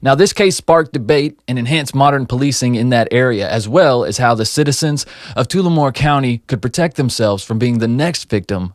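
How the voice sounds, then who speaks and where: Male podcast host, upbeat and jokey, average pitch, dry studio sound. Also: dry recording. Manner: upbeat, joking banter. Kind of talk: casual podcast chat and case rundown.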